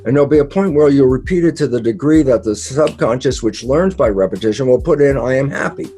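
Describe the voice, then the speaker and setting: A man explaining ideas in an interview, animated and casual, acting out quoted dialogue with sudden jumps in pitch and the odd mild swear word. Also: fast talker, faint music behind.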